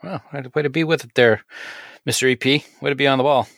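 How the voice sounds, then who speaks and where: A man's voice: mid-range voice, quick pace, creaky, fairly bright tone, no echo, clean studio sound. A man co-hosting a podcast, chatting casually and trading playful jabs. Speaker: podcast co-host.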